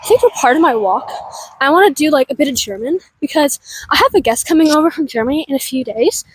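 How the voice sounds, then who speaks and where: A woman's voice: high-pitched, animated, fast, a little hiss or hum, low-quality recording. A young woman chatting casually while she walks outdoors, rambling with lots of fillers and a little out of breath. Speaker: vlogger. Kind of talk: casual vlog chat while walking. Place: outdoors on a walk.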